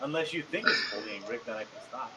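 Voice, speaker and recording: A man's voice: medium pitch, expressive, quick pace, heavy background noise. A man co-hosting a casual livestream, teasing and sardonic, with a mock-indignant streak. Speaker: co-host. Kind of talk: casual chat.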